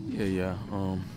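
A man's voice: sits low, very noisy. A young man under the weather and short on sleep, chatting casually with friends for his vlog while out shopping. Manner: loose slangy banter with friends. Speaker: vlogger. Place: out and about, in a store.

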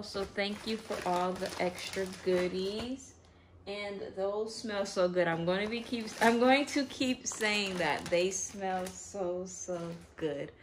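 A woman hosting an unboxing vlog, talking in an excitable, gushing way and repeating herself. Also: medium pitch, a little hiss or hum. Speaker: reborn doll channel host.

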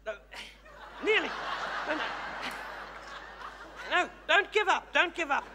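Taking it slowly and fully in character, a male comedy host plays a brash older woman diva with an Australian accent in live stage comedy. The voice is animated, high, bright and theatrical, and the mood is bossy as she fusses and adores herself. Hall reverb from the live theatre and a noisy background are audible.

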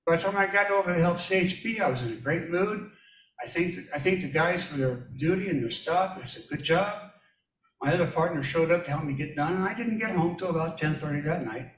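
A man preaching a relaxed, story-driven sermon with a fairly high voice. He sounds a little distant from the microphone, and the room around him is echoey and reverberant. His folksy manner sounds like he is chatting with the congregation. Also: quick pace. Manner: folksy, personal anecdotes addressed to listeners. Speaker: pastor.

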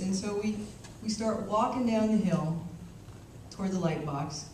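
A woman's voice: medium pitch, unhurried, darkish tone. A woman delivers a keynote as a wry, self-mocking story. Her voice sits far off in a large, reverberant hall, recorded on a small camcorder with light background noise. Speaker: keynote speaker. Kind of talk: storytelling speech.

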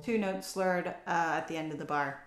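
A woman's voice: lowish voice, normal speed, loud music behind the voice. Lady teaching cello online, lots of ums, kinda echoey room. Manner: relaxed, explanatory, with frequent fillers and restarts. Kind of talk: online masterclass.

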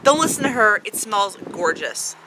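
A woman's voice: medium pitch, sing-song, normal speed, background noise. A woman giving a goofy, bubbly product review and swearing casually. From Canada. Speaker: beauty vlogger.

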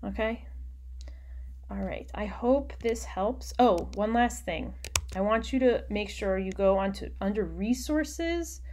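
A woman teacher delivers a recorded online lecture at a slow pace with a medium-pitched voice. She explains things patiently and often slips into quiet muttering as she works.

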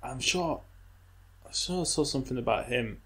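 A man co-hosting a podcast, telling relaxed stories in casual chat and acting out the quotes. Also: mid-range voice, moderate pace, slightly rough. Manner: relaxed storyteller, acts out quotes. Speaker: podcast co-host.

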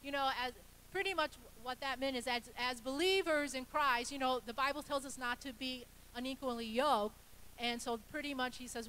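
A woman's voice: high-pitched, normal speed, bright, forceful tone, a little hiss or hum, rough recording. A woman pastor preaching a sermon in a conversational way, with restarts and asides, acting out the voices in the stories she tells. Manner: acts out quoted voices in storytelling.

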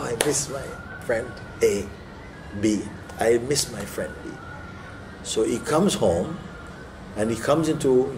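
A man and spiritual teacher telling a parable to listeners, animated and often checking in with "no?" and "you see?". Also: medium pitch, background noise. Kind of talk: storytelling in a spiritual talk.

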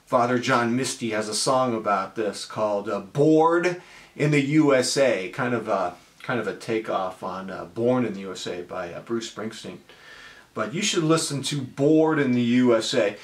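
A man's voice: medium pitch, a little slow. A man giving a casual, humorous vlog monologue in a wry, playful, self-mocking manner. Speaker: watch vlogger. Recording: roomy echo.

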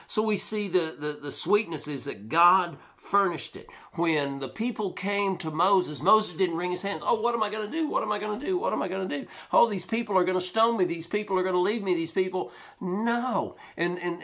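A pastor preaching a sermon in a church, lively, now and then acting out worried voices in his quotes. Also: a little high. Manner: animated preaching, acts out quoted complaints.

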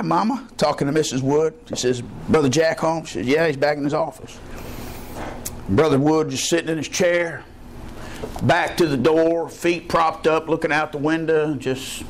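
A man preaching a sermon as pastor, telling folksy stories and climbing into excited high bursts. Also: a little hiss or hum. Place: church.

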